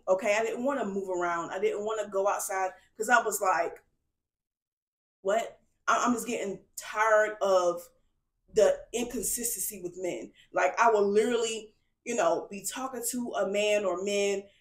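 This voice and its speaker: Confiding woman podcaster in a roomy space. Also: medium pitch. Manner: emphatic, confiding, peppered with "okay?" and "y'all". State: tearful at moments. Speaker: podcast host. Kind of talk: candid solo podcast monologue. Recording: roomy echo.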